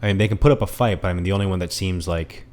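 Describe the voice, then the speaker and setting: A young man co-hosting a podcast, chatting in a relaxed way and quick to offer opinions. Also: low voice, slight background noise. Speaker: podcast co-host. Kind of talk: casual chat.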